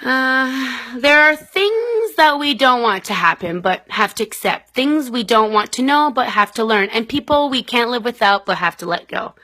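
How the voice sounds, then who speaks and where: Bubbly and chatty, this Canadian direct sales consultant vlogs casual motivational business advice in a fairly high, pushed, bright voice. She's animated at a moderate pace with hardly any pauses, and acts out her conversations with other people.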